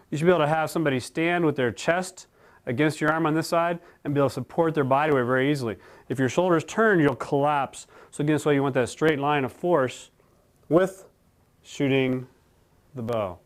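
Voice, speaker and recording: A man teaching a qigong exercise set, giving calm, slow cues for breathing and movement. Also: fairly high pitch. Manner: calm, slow guiding cues with long pauses. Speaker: qigong instructor. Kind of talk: guided exercise instruction.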